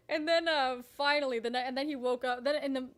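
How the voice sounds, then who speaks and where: A young woman streamer telling a story in casual chat, animated, swearing freely and leaning on "like" a lot. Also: high voice, smooth. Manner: animated, swears freely, heavy use of "like", laughs often.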